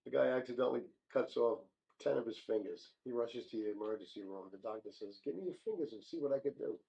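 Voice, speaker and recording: Male joke-show host, mellow voice, muffled lo-fi recording, quick voice changes for characters. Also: mid-range voice, vocal fry. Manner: plain joke-telling with small stumbles, brief voice changes for characters. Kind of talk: reading listener jokes. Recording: dull lo-fi sound.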